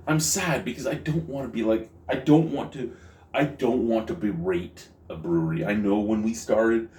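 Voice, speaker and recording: A man's voice: lowish voice, a little mellow, roomy sound, distant mic. A man giving a casual beer review, exasperated and swearing, often repeating himself. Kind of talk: casual video review rant.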